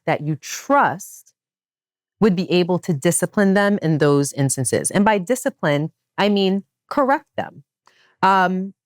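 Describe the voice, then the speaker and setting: A woman hosting a podcast, talking in a casual chat style and making her points with animated emphasis. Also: no room sound, studio quality. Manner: animated and emphatic, with wide swings in pitch. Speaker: podcast host.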